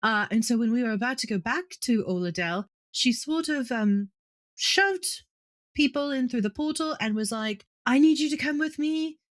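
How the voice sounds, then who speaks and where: A woman's voice: a little high, moderate pace, lightly acted. A woman playing a flustered young adventurer. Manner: rambling, nervous.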